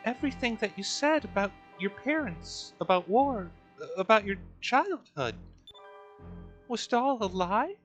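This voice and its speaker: A man's voice: very animated, a little slow, a bit bright, faint music behind, heavily acted. A man voicing an earnest young woman hero in a raised, pleading voice while reading game lines. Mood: hurt. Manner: high, pleading delivery.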